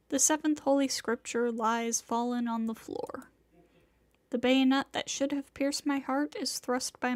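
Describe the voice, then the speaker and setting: A woman streamer reading a visual novel aloud, narrating in a soft, slow, measured way. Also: high-pitched, no echo.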